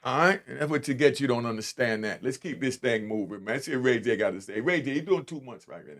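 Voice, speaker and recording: A man giving casual reaction commentary on played clips, with a blunt, emphatic streetwise way of talking and drawn-out stresses. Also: medium pitch, lively intonation, a bit bright, slight background noise.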